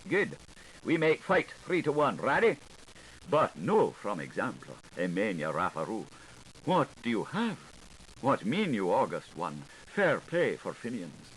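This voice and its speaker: A man's voice: on the low side, wildly swooping pitch, unhurried, slight background noise, poor audio. A man reading an unabridged literary audiobook in a theatrical way, switching between the voices of questioners and the one who answers. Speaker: audiobook reader.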